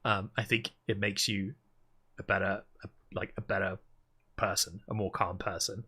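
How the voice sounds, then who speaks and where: Bright-voiced man, dry and rambling. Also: sits low, normal speed, husky. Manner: dry, deadpan delivery; rambling, thinking aloud. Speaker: livestream host. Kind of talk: casual livestream chat.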